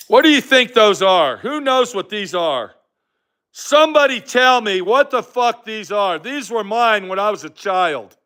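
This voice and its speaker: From his workshop, an older livestream host with a high, bright, forceful voice rants angrily and profanely at his viewers. He answers their comments combatively.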